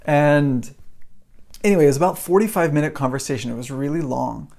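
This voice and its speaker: A man's voice: a little high, a little fast, gravelly. Chatty man telling a story. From United States. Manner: chatty, animated, acts out his own reactions. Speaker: podcast host and English teacher. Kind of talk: casual storytelling monologue.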